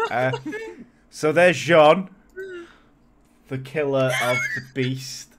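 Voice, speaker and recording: A man's voice: medium pitch, extremely slow, pauses often, background noise. A man, co-hosting a podcast and telling a history story in a loose, jokey way. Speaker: podcast co-host. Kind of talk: casual storytelling chat.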